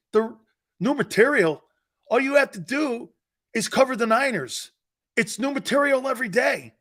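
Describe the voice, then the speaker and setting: Sports talk host, male, bright voice, lively delivery that swings high and low, teasing and laughing. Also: measured pace. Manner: animated, teasing, laughs often, mock apologies. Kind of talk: live sports talk show, reading viewer comments.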